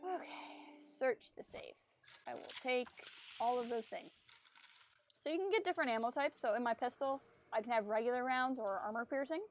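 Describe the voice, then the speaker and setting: A woman's voice: a little high, normal speed, soft background music. A woman streaming a video game, chatting casually, explaining mechanics and teasing enemies on screen. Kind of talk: casual gameplay commentary.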